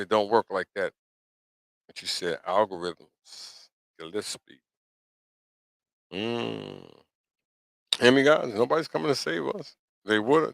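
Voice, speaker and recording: A man's voice: on the low side, vocal fry, fairly bright tone, no echo. An older man hosting his own channel, talking straight to his viewers in a casual, preachy way. He repeats himself a lot, keeps checking "you hear me?" and chuckles between points. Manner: repetitive, earnest, keeps asking "you hear me?". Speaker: YouTube channel host.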